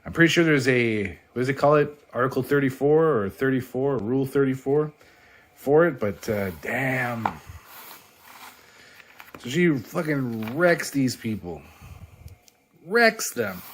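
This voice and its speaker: A man casually reviewing a comic book on his vlog, excitable and profane, laughing often as he flips through pages. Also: mid-range voice, measured pace, long pauses.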